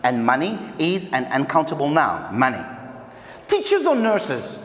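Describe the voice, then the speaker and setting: A man's voice: fairly high pitch, huge pitch swings, measured pace. A male English teacher from Algeria giving a recorded video lesson, repeating key phrases and explaining step by step. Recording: echoey room with long reverb.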